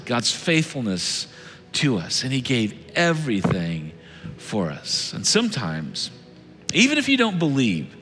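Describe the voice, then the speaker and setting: A man preaching a sermon as lead pastor, earnest, swinging between loud urging and hushed tones. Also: mid-range voice. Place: church sanctuary. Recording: reverberant church hall with soft music.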